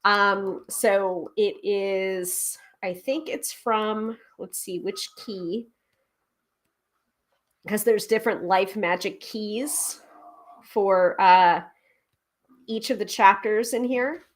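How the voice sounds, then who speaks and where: A woman's voice: medium pitch, very slow. A woman hosting a casual tarot livestream from home, talking in a chatty way with lots of ums as she reads out viewer comments and book passages. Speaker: tarot reader and livestream host.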